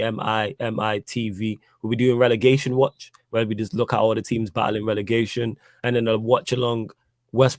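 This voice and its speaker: A young Manchester man chats loosely and quickly on a stream, dropping slang and shout-outs to viewers. His voice sits at an average pitch, recorded close and dry with little room sound. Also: no room sound. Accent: South East Manchester. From England. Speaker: co-host. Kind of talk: casual live-stream chat.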